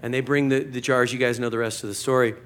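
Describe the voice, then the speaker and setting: A man's voice: mid-range voice, fairly even intonation, fast, a bit bright. A man preaching a sermon to a church congregation, conversational and joking, acting out short quotes. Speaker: pastor.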